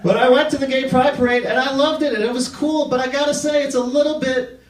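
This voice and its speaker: A man's voice: very high voice, fairly even intonation, quick pace. A man performing a stand-up comedy set in a theater, acting out the people he quotes in put-on voices. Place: live comedy theater with audience laughter. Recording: roomy live recording from a distance.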